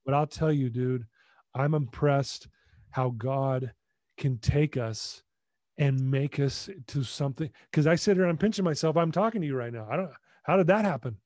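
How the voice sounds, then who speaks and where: A man telling a personal story as a podcast guest, in an emphatic, animated way. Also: medium pitch, moderate pace, no echo, clean studio sound.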